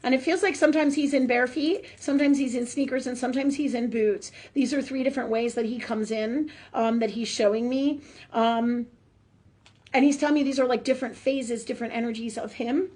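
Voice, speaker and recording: A woman's voice: high voice, steady tone, brisk, darkish tone. A woman hosting a live spiritual forum as a medium, chatting and praying, often tagging her sentences with "right?". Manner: chatty, with constant "right?" tag questions. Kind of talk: live spiritual talk and prayer.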